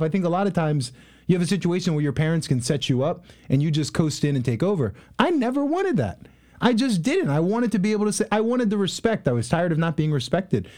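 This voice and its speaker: A man in his twenties, a guest in a casual interview, telling stories in an animated way with many fillers. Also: high-pitched, brisk. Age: 20s. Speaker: guest, real estate investor.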